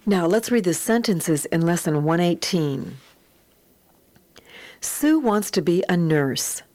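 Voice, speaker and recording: A woman teaching a phonics lesson, reading word lists and sentences aloud slowly and deliberately. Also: lowish voice, lively intonation, mellow, no room sound.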